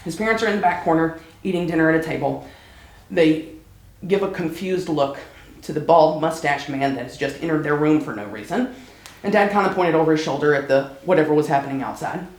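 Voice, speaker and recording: A speaker telling a personal story live on stage, chatty and lightly humorous, slowing down at emotional moments. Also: mid-range voice, roomy sound, poor audio. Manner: conversational, warm-humored, slows down for emotional moments.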